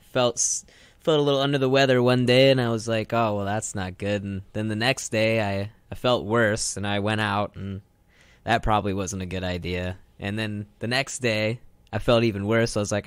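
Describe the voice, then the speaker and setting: A man's voice: on the low side, steady tone, normal speed, smooth, no echo. A young man co-hosting a college radio show, telling a story in a wry, casual way with repeated words, on a studio microphone.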